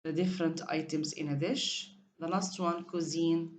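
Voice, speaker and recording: A woman's voice: low voice, fairly even intonation, normal speed, slight background noise. A woman teaching an English vocabulary lesson, reading definitions aloud and drilling pronunciation.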